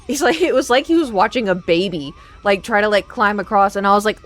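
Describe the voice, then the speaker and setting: Young woman, game streamer, chatty, animated storytelling, mid pitch. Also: fast talker, few pauses. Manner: chatty, animated, acts out quotes. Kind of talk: casual storytelling while gaming.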